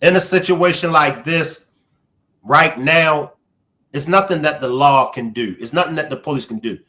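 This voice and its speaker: Male live stream host, emotional commentary, bright high-leaning voice, AAVE speech. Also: moderate pace. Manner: emotional, reacting to clips and chat.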